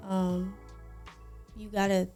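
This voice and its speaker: A woman talking on a podcast in a measured, thoughtful way, pausing with ums as she shares. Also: medium pitch, level tone, dark tone, soft background music. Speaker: podcast co-host. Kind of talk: casual reflective podcast chat.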